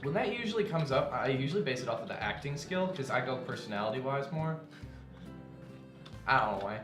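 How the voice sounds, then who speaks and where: Lively-voiced young man rambling wryly. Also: medium pitch, fairly quick. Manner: rambling, wry opinions. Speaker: co-host of a game stream. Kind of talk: casual chat while gaming. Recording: roomy sound with game music behind.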